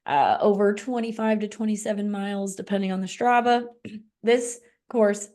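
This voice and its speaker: A woman co-hosting a podcast in casual chat, relaxed, with many fillers. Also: medium pitch, normal speed. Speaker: podcast co-host.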